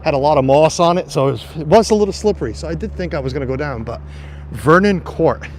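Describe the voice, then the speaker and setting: A man's voice: on the high side, expressive, quick pace, a little hiss or hum. A man live-streaming a walking tour outdoors, chatting to his viewers as he goes. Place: outdoors on a quiet street and mansion grounds. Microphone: phone or camera on a tripod.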